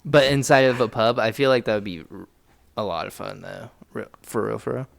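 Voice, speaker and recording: Gravelly young man riffing on a podcast. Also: on the low side, brisk, no echo, clean studio sound. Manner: laughing, playfully questioning, rambling. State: intoxicated. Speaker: podcast co-host. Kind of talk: casual chat.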